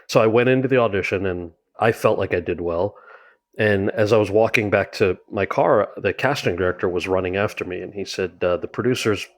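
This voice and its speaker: A man's voice: lowish voice, brisk. Candid, wry man telling stories. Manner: animated, candid, wry storyteller. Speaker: guest author. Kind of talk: conversational interview storytelling.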